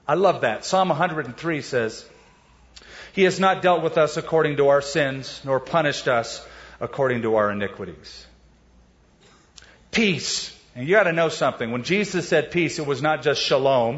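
Lively male preacher, dull lo-fi sound. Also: fairly high pitch, measured pace, in a large hall. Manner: animated preaching, acts out quoted voices. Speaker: pastor. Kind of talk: sermon.

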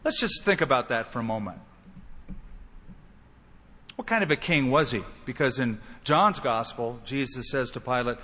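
A man's voice: medium pitch, lively intonation, normal speed, long pauses, sharp tone, in a large hall. A man preaching a sermon as pastor, emphatic, raising his voice to act out quoted lines.

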